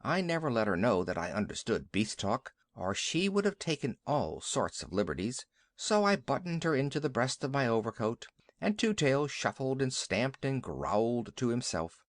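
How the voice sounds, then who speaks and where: A man narrating a classic children's story in an expressive storytelling manner. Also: mid-range voice, normal speed, dry recording. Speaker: audiobook narrator. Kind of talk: scripted audiobook narration.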